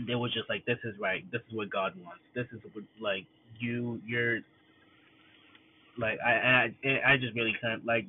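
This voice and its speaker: A young man talking in a casual, rambling monologue, full of fillers and restarts. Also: on the low side. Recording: tinny phone-like audio, faint noise.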